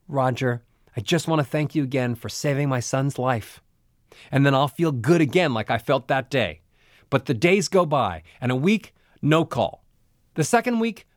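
A man's voice: medium pitch, no room sound, clean studio sound. A man teaching voice technique in an audio lesson, telling a story in an earnest, motivational way. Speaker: voice coach.

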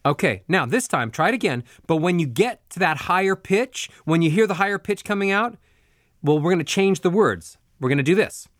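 A man teaching a spoken voice lesson, explaining clearly and giving step-by-step directions in a measured way. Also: sits high, animated, no echo, studio quality. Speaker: voice coach.

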